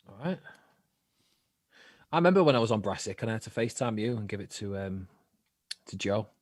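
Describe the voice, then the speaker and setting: A man's voice: lowish voice, expressive, brisk, no echo. Laid-back joking male guest. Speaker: guest, actor and comedian. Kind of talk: casual chat.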